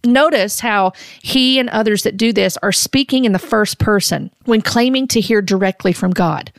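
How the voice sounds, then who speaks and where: A middle-aged woman gives earnest, deliberate commentary, often stopping to restart a sentence. Her voice sits at a middle pitch with a gravelly, creaky texture. The sound is dry and close, with no room around it. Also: dry recording. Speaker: host. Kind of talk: critical commentary on prophecy videos.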